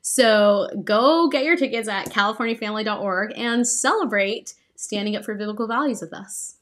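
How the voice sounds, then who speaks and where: A young adult woman co-hosting a podcast, telling a personal story in an earnest, animated way with frequent ums and likes. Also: medium pitch, moderate pace. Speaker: podcast co-host.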